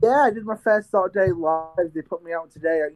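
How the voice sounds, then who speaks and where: Over a video call from his half-decorated bedroom, a young man rambles casually about training as a radio presenter, often restarting his sentences. His voice is high, a little mellow and a little fast, with faint music in the background.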